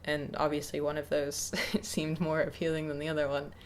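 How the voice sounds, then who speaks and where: A young woman in her twenties talking to camera off the cuff, hesitant and reflective, with many pauses and restarts. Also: low-pitched, monotone, slight background noise. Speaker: YouTuber. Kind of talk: casual unscripted talk to camera.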